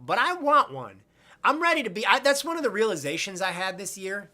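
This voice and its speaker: A man's voice: sits high, sing-song, brisk, bright, forceful tone. A young man hosting a casual live-stream chat, rambling with crude jokes and loose tangents.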